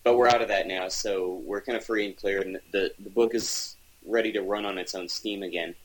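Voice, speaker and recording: Husky-voiced man chatting eagerly. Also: low-pitched, steady tone, brisk, low-quality recording. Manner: enthusiastic, rambling with frequent restarts. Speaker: podcast co-host reviewing comics. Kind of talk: casual chat.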